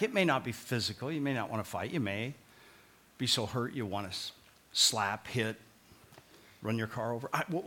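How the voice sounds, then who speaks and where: A man delivers a sermon in a bright, clear-edged voice. He shifts between loud, emphatic proclamation and hushed, earnest appeals, and he drives points home by repeating short phrases. His pitch sits at an ordinary middle for a man. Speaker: pastor.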